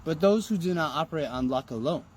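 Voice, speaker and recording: A man delivers a motivational monologue at a slow, deliberate pace, his somewhat high voice leaping up and down as he presses each point. He talks in an emphatic, preachy way, firing off rhetorical questions and the odd curse. Faint vehicle noise hums behind him. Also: animated, a little mellow.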